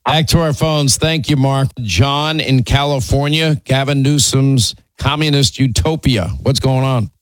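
Male talk radio host, middle pitch, dry close mic, firm and plainspoken. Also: measured pace, few pauses, dry recording, poor audio. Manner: plainspoken, firm, repeats himself when making a point.

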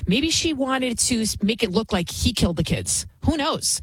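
Casting note: woman host, emphatic opinion segment, husky tone, dry close sound. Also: on the high side, very animated, moderate pace, dry recording, poor audio. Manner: indignant, emphatic, repeats words for stress. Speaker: show host. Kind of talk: opinionated commentary show.

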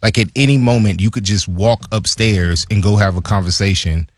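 A man, a former football player, chatting casually about his career as a podcast co-host, acting out quotes in a higher voice. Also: moderate pace, breathy edge, no echo, clean studio sound. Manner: animated storyteller, acts out quotes in a higher voice. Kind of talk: casual sports chat.

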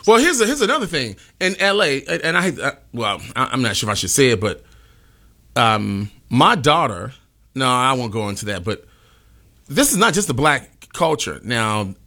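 A man's voice: mid-range voice, big pitch swings, normal speed, bright, forceful tone. A man talking casually on a radio talk show, opinionated and rambling with frequent restarts.

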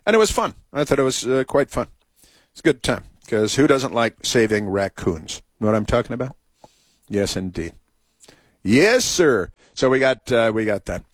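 A man's voice: mid-range voice, expressive, normal speed, no echo. A man hosts a talk show in a dry, close sound with no room around it. He tells a rambling story and keeps restarting sentences and drifting into asides. Later he turns to opinionated political commentary. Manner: meandering, full of restarts and asides.

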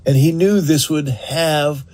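A man preaching a sermon, telling the story in an animated, earnest way and urging listeners to act on it. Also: fairly high pitch, slow pace. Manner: animated storyteller, acts out scenes; earnest, exhorting.

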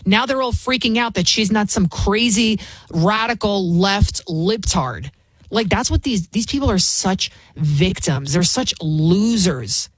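A woman's voice: medium pitch, lively intonation, unhurried, slightly rough, no echo. A woman filling in as a talk radio host, speaking bluntly and scornfully, rambling with frequent restarts. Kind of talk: opinionated talk radio monologue.

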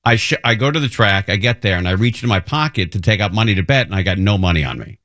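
A middle-aged man hosting a talk radio show, telling a rambling, self-deprecating story in an animated way. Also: fairly low pitch, fast talker, dry recording, clean studio sound. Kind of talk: casual monologue storytelling. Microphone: studio microphone.

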